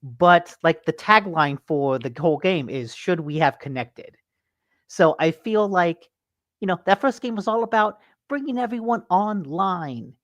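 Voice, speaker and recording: A man hosting a casual gaming podcast, an animated storyteller who swears freely. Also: high voice, a little slow, no echo. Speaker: podcast host.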